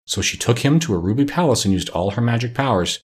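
A man's voice: mid-range voice, expressive, fast, breathy edge. A man reading aloud and voicing a courtly male winged monkey king telling a long tale.

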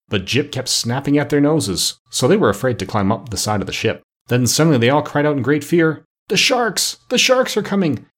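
A man narrating a children's story with expressive, dramatic storytelling. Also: medium pitch, breathy edge. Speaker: storybook reader. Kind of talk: audiobook narration.

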